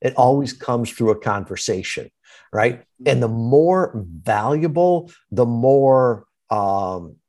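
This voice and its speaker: A man's voice: mid-range voice, animated, slow pace, a little mellow. A man guesting on a podcast interview, answering in punchy, quotable lines and often checking in with "right?". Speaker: podcast guest, marketing founder.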